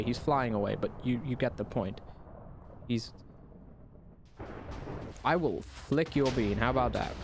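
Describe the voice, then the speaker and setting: A young man talks through a boss fight in a video game, excitable and quick to swear at the enemy. His voice sits in a middle pitch. Noisy game sounds and gunfire run underneath. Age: young adult. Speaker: gaming YouTuber. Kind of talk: live gameplay commentary.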